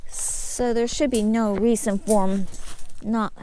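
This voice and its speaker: A woman's voice: a little high, steady tone, slow, warm tone. A woman vlogging outdoors in her farmyard, explaining her chores in a casual, easygoing way as she goes. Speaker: homesteading vlogger. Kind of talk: casual walk-and-talk narration.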